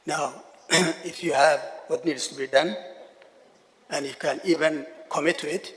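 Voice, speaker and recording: A man's voice: a little high, steady tone. Formal male minister in an echoing hall. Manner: measured, repeats key phrases for emphasis. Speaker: government minister. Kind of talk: formal conference speech. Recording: long reverb of a large hall.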